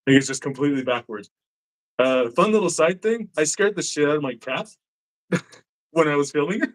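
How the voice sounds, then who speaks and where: A man hosting a podcast in casual chat, who laughs often, swears freely and acts out his cats' reactions in quick quoted voices. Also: a little high, expressive, poor audio. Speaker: podcast host.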